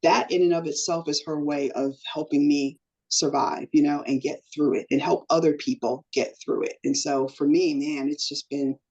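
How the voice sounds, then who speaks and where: A woman's voice: deep voice, normal speed, few pauses, lo-fi sound. A middle-aged woman telling a personal story in an emotional, earnest way as a podcast guest. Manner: emotional, earnest storytelling with lively quoted voices.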